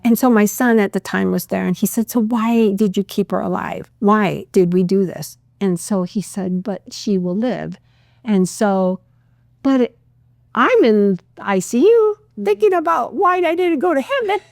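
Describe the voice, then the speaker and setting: A middle-aged woman, a pharmacist guest on a podcast, recounting a personal story in a heartfelt, expressive way and acting out what people said. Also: medium pitch, a little slow, vocal fry, no room sound, studio quality. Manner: heartfelt, expressive retelling with acted-out quotes.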